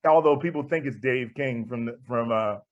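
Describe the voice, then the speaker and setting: A man, a guest jazz musician, telling anecdotes in a relaxed interview. He acts out the voices of the people he quotes and laughs often. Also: medium pitch, moderate pace, lo-fi sound.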